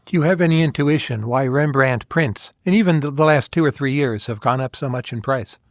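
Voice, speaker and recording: A man's voice: medium pitch, fairly quick, no room sound, clean studio sound. A man hosting an interview, asking direct, curious questions. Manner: inquisitive, direct. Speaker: host.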